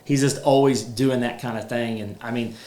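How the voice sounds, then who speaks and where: The host of a relaxed podcast, a roofing business owner, rambles on with many filler words and restarts. His voice is mid-range, steady, mellow and moderately paced, with roomy echo and faint background ambience.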